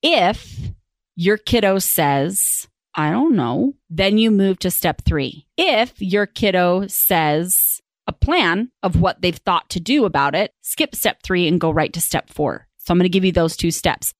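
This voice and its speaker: A woman in her thirties hosts a parenting podcast in a relaxed teaching style. Her voice sits a little low, and she keeps stressing her points through repetition. The recording is close and dry, with no room sound. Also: unhurried, no echo. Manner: animated, acts out example tones, emphatic repetition. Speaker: podcast host and parenting educator. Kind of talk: casual teaching talk.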